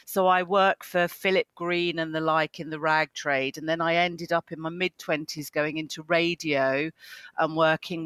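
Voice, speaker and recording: A man's voice: fairly high pitch, bright, forceful tone, clean tone, no room sound. A man, a psychotherapist telling his life story in a chatty, self-deprecating way as an interview guest. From England. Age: 50s. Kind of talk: interview conversation.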